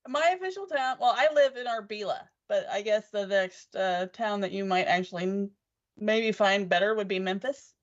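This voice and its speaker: A woman co-hosting a casual podcast, easygoing and quick to laugh. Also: medium pitch. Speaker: podcast co-host. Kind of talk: casual live podcast chat. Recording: muffled lo-fi call audio.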